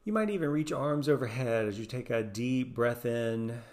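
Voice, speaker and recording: A man who teaches yoga and meditation, leading a guided meditation in a soft-spoken, slow and gentle way with long pauses. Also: mid-range voice.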